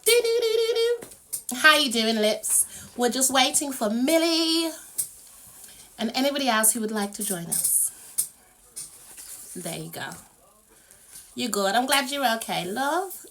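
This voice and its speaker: Bubbly high-voiced British woman host. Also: lively intonation, unhurried, long pauses, fairly bright tone, a little hiss or hum. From United Kingdom. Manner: bubbly, laughs a lot, hums filler tunes. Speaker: livestream host. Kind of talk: casual live-stream chat.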